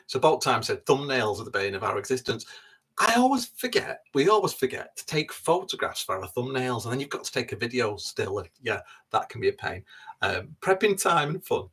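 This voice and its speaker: A man's voice: mid-range voice, slightly rough. A man co-hosting a casual live stream, joking and chatting. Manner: lively, joking, quick to laugh. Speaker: co-host. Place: narrowboat cabin.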